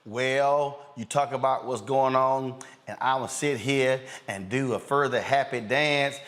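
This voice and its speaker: A middle-aged man hosting a commentary show, talking in an animated, mocking, slangy way with rising outbursts. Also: medium pitch, a little slow. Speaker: host. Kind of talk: lively commentary.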